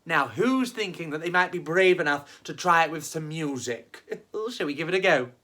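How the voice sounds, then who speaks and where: A woman's voice: sits low, animated, normal speed, fairly bright tone. A woman hosting a children's rhyme time, reading a storybook aloud with theatrical, gushing praise for the little ones.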